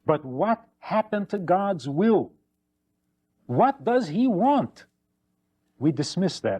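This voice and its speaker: Male rabbi lecturer, slightly high voice, emphatic and lively delivery. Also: slow pace, pauses often, husky, dull audio. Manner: animated, acts out anecdotes with shifting voices; emphatic repetition. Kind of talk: spoken lecture on faith.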